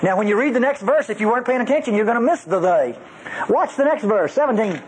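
A man with a drawl preaches a teaching sermon in a fairly high voice that leaps up and down as he leans on words. He is folksy and emphatic, dropping playful asides between readings of scripture. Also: expressive, fast talker, slight background noise, rough recording. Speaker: Bible teacher.

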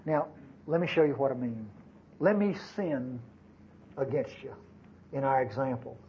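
A man's voice: medium pitch, expressive, measured pace, muffled recording, a little hiss or hum. A man preaching a sermon to his congregation in a folksy, conversational way, with frequent asides to the listeners. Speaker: pastor.

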